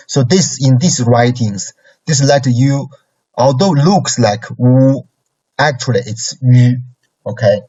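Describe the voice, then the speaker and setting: Male Chinese teacher, slow and husky, checks in with "okay?" often; dull lo-fi sound. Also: medium pitch, a little mellow. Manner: ends phrases with a checking "okay?". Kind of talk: classroom lesson. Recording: dull lo-fi recording.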